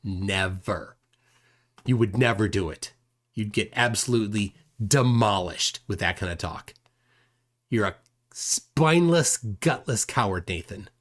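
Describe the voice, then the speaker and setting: Male stream host, lively indignant commentary, tag questions. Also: fairly low pitch, measured pace. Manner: indignant, reads chat aloud, frequent "right?". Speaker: livestream host. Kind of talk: casual commentary on a clip.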